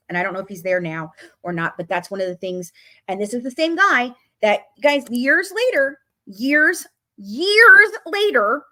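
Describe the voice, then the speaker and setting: A woman's voice: on the high side, fairly bright tone. A woman talking casually to viewers about a true-crime case, emphatic and repetitive, swearing as she gets angry. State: openly angry.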